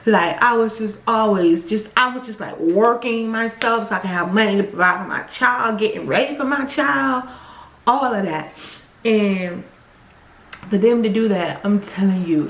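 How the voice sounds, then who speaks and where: A woman telling her own story to viewers in a casual, animated way, often speaking to them directly. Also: on the high side. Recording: echoey room.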